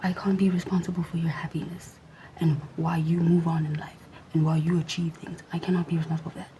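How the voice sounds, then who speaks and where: A woman's voice: on the low side, level tone, quick pace, mellow, slight background noise, rough recording. A young adult woman vlogger ranting in a sassy, mostly whispered voice to her camera.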